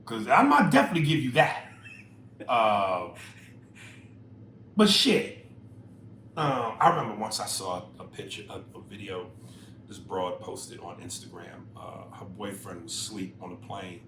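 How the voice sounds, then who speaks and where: A man with a fairly low voice co-hosts a casual podcast, reading emails aloud and riffing with profane, animated energy. He swings up loud and high when he drives a point home. The room has a noticeable echo, and a faint hiss sits under the voice. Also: slow pace, pauses often. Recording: roomy echo with faint noise.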